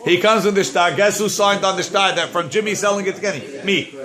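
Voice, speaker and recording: A man's voice: sits high, quick pace, crowd noise. A male rabbi teaching a Talmud class, reading Hebrew-Aramaic text and explaining it in English, acting out the claimants with a raised voice. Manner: animated, acts out the claimants with raised voice; repeats words while searching.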